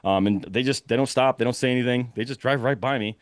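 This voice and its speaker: Excited man telling a story. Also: mid-range voice, quick pace, dry recording. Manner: animated, breathless storytelling with fillers and laughs. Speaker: podcast guest telling a hunting story. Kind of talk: casual storytelling.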